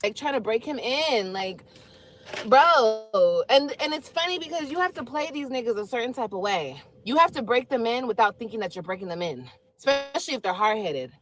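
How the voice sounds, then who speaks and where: A woman's voice: fairly high pitch, very animated, moderate pace, fairly bright tone, poor audio. A woman co-hosting a podcast, adding wry, laid-back comments in casual chat. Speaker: podcast co-host.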